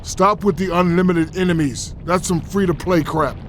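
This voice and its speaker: A man's voice: high-pitched, steady tone, moderate pace, a little hiss or hum, natural voice. A man voicing a bossy basketball star hero in a video game, barking orders. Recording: distant game audio over loud music.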